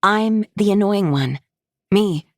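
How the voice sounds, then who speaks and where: A woman reading a first-person story aloud in a steady, measured way. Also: medium pitch, no echo, studio quality. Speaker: narrator.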